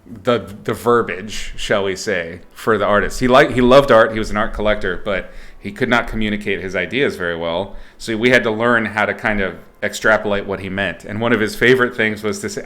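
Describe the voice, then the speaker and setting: A man's voice: on the low side, fairly quick, a bit bright. A man teaching art on a livestream in a casual, playful way, joking and swearing as he rambles. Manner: rambling, with fillers and restarts. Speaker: art instructor streaming.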